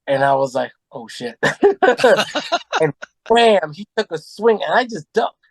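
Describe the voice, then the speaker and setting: A man telling animated stories in a casual podcast chat, acting out what people said and swearing freely. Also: high-pitched, slow, creaky, dry recording. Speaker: podcast guest. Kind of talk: casual storytelling.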